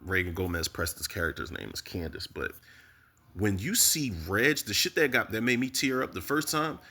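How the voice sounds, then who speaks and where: A man casually recapping a TV episode, animated and profane, talking straight to his viewers. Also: fairly low pitch, moderate pace. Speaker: TV recap host.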